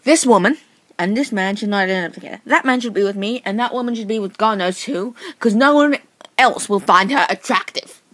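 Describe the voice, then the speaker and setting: A woman's voice: mid-range voice, brisk, dry recording, natural voice. A woman playing a tactless best man in a comedy sketch, stammering and repeating herself as she talks. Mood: blunt. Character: smug, unkind best man at a wedding.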